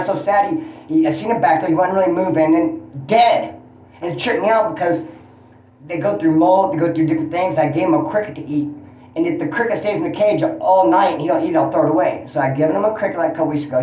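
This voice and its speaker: A man's voice: on the high side, reverberant, a little hiss or hum, rough recording. A man hosting his own vlog, with a Californian accent, venting and rambling in a casual, profane way about his day. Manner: profane, venting, animated storyteller. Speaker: YouTube channel host. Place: motel room.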